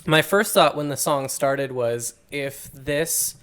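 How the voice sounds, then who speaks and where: A man co-hosting an album-review podcast with his brothers, talking in a halting way with many ums and restarts. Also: medium pitch, fairly bright tone, smooth. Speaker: podcast co-host. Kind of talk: casual album-review chat.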